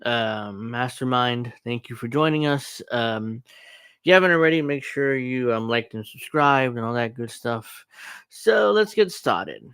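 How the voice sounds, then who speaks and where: A man's voice: mid-range voice, lively intonation, a little slow, a bit bright, smooth, dry recording. A man hosting his show alone, chatting casually and rambling with lots of fillers as he sets up a clip. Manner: rambling, with many fillers and asides. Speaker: podcast host. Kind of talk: casual solo commentary.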